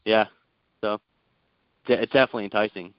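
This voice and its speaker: A man's voice: fairly low pitch, fairly even intonation, brisk, clear, resonant tone, dry recording, dull audio. A man calling in to a sports talk show, speaking hesitantly with lots of fillers and restarts. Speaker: caller. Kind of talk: casual sports call-in chat.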